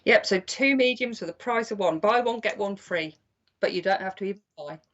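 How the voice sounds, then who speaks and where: An older woman giving chatty, gentle psychic card readings on a live stream. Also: mid-range voice, a little fast. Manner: chatty and gentle, calls people "my lovely". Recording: slightly dull lo-fi stream audio.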